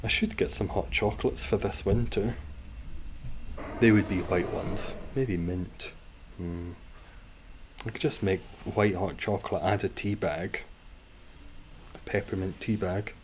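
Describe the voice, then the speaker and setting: Sitting low and speaking a little slowly with long pauses, a Scottish man streams a game from home against slight background noise. His chat with viewers between moves is casual, wry and rambling.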